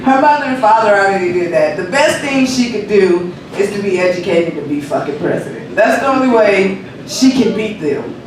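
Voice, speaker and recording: A man's voice: high voice, normal speed, a crowd in the background. A man rehearsing a stand-up comedy set, telling profane stories with lots of energy and laughing at his own jokes. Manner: profane, animated storytelling. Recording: echoey room, mic far off, noisy.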